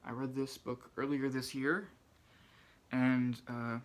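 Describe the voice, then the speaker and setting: A man's voice: medium pitch, level tone, slow. Shy, hesitant man reading quotes. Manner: soft-spoken, hesitant, many fillers and restarts. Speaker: book channel host. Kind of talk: reading quotes aloud and commenting.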